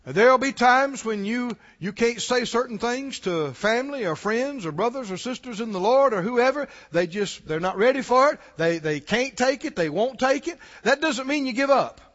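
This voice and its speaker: Male pastor, sermon delivery, emphatic swings from shouts to low tones, dull recording. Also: expressive, moderate pace, few pauses, big-room sound. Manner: emphatic preaching, rising to shouts and dropping low.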